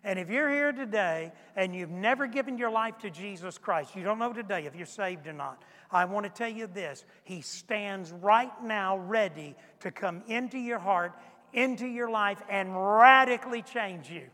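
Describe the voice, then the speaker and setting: A high-voiced man preaching as pastor, swinging from fervent near-shouts down to hushed, earnest lines. His voice rings out through the long reverb of a large church hall. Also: expressive, normal speed. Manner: impassioned, rising to near-shouts then dropping low. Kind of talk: sermon. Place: church sanctuary.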